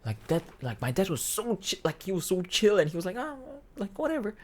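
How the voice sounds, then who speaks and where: A man's voice: high-pitched, animated, a little fast. A man in his twenties, a vlogger, telling a personal story in a rambling, emotional way with many restarts, choked up and near tears. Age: 20s. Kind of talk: casual storytelling.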